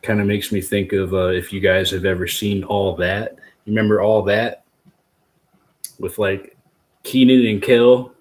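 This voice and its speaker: A man's voice: fairly low pitch, fairly even intonation, unhurried. A man hosting a casual livestream tutorial, rambling in a goofy way and chatting with his viewers as he works. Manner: goofy and rambling, talks to chat. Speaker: host demonstrating a DIY agar method.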